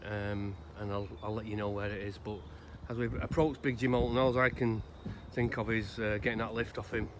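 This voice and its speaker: Outdoor noise sits behind a Salford, England man recording in a cemetery, a grave-visiting vlogger with a lowish voice and fairly even intonation. His casual tribute and storytelling come out as a conversational ramble with many pauses.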